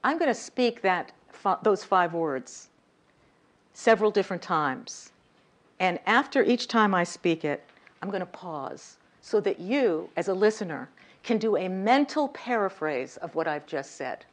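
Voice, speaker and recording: A woman with a slightly low voice runs a speaking workshop in a lecture room. She leans hard on key words and checks in with her listeners as she goes. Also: expressive, a little slow. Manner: emphatic, demonstrative, direct with audience. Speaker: communication coach.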